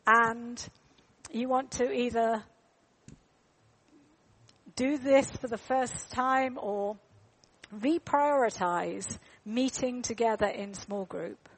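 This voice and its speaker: A woman's voice: a little high, slow, pauses often, breathy edge. Chatty woman preaching. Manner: chatty, with fillers and repeated words. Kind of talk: storytelling sermon.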